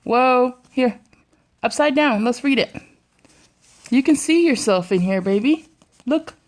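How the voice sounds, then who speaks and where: A woman's voice: on the high side, animated, a little slow. A young mother at home in her bedroom, talking to her toddler in coaxing, sing-song baby talk and often laughing. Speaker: vlogger mother.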